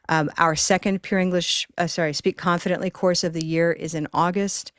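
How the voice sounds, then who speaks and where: A woman's voice: low-pitched, dry recording, studio quality. A woman hosting a live online pronunciation class, talking in an upbeat, encouraging and chatty way through a computer microphone.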